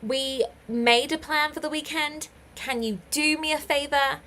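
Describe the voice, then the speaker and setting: Bright-voiced British woman teaching English. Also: high voice, steady tone, unhurried, slight background noise. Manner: encouraging, praises learners often, laughs lightly. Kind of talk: live online English lesson.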